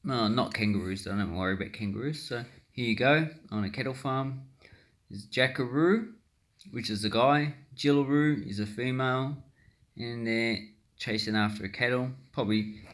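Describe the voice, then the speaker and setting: A man's voice: lowish voice, a bit bright. An Australian man giving rambling, chatty commentary over a screen recording, with frequent ums and self-corrections. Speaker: coin collecting YouTuber.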